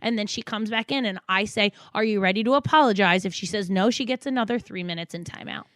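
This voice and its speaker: Blunt, swearing mom on a podcast. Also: female voice, mid-range voice, fast talker, a bit bright, no room sound. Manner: blunt, frank, swears freely, acts out quotes. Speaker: podcast host, mother. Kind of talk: casual podcast chat.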